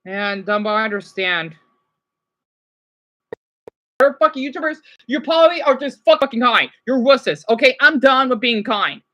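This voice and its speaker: A woman livestreaming, reacting to videos and chat, swinging between furious rants and quiet apologies. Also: on the high side, animated, moderate pace, long pauses.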